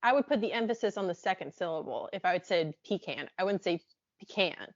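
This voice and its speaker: A woman's voice: fairly low pitch, animated, fast talker, lo-fi sound. A woman co-hosting a podcast in casual chat, asking curious questions and laughing often. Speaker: podcast co-host.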